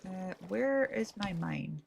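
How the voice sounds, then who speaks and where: A woman's voice: medium pitch, lively intonation, takes it slowly, vocal fry, slight background noise. A woman with a Scottish accent chatting casually while commentating her gameplay, rambling and self-deprecating. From Scotland. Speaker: gaming streamer.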